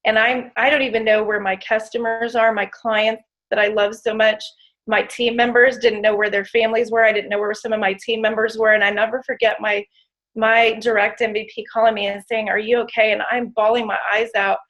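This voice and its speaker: A woman tells her story as an inspirational talk, and her voice sits a little higher than most. She speaks with feeling and leans hard on her key points, turning often to the audience. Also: level tone, brisk, fairly bright tone, dull audio. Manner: emotional, emphatic, addresses audience as "you guys". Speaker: motivational speaker.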